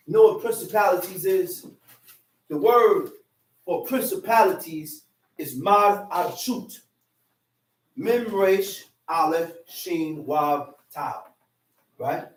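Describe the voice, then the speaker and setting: A man's voice: sits high, fairly bright tone. A male preacher giving an emphatic, repetitive sermon, reading scripture and restating it in slang. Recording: echoey room, far from the mic.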